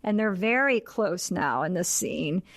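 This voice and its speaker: A woman's voice: lowish voice, a little slow, no echo, studio quality. A woman hosting a podcast, animatedly retelling a film plot in a casual chat. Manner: animated retelling, acts out quotes. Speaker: podcast host.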